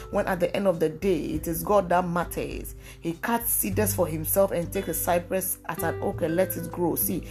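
A woman preaches in a devotional podcast, pressing her points by saying them twice. Her voice sits fairly low. Quiet music plays faintly underneath. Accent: African English. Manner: emphatic, repeats key phrases.

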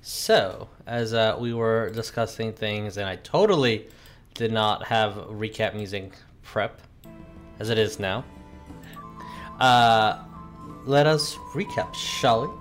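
Slow, halting male game master. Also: on the low side, expressive, soft background music. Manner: slow, halting narration with many pauses. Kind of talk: recapping a tabletop game session.

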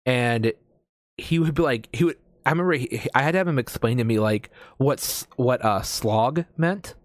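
A man's voice: medium pitch, normal speed, no room sound. American man, casual podcast host, rambling and profane, dry close-miked sound. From United States. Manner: rambling, swearing, many fillers and restarts. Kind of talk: casual chat.

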